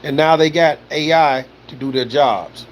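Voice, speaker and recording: Man with a fairly high voice, rambling casual talk. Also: a little slow, a little hiss or hum. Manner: loose, rambling delivery, peppered with "you know" and "man", swearing. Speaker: livestream host reading viewer comments. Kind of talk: casual spoken commentary.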